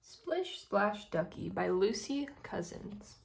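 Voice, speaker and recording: A woman's voice: medium pitch, sing-song, takes it slowly, vocal fry, over loud music. A woman hosting a children's storytime, reading a picture book aloud in a friendly way for young listeners. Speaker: storytime host.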